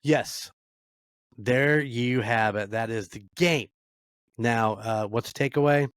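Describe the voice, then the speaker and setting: A man's voice: medium pitch, takes it slowly, no room sound, clean studio sound. A middle-aged man hosting a podcast alone, giving a casual, blunt sports recap full of swearing and rambling asides. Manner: blunt, swears freely, rambling with many fillers. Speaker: podcast host.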